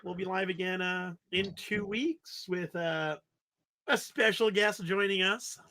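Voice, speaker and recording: A man's voice: high voice, steady tone, measured pace, bright, forceful tone. A man co-hosting a casual livestream podcast, answering questions with hesitant restarts. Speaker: podcast co-host.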